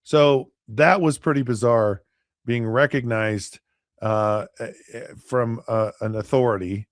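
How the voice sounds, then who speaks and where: A middle-aged man tells a story on his podcast in a loose, rambling way, often restarting his sentences and acting out the voices of other people. His voice sits at an ordinary middle pitch. The sound is dry and close, with no room echo. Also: unhurried. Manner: rambling, with many restarts and acted-out quotes. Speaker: podcast host, former NFL quarterback. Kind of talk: casual storytelling.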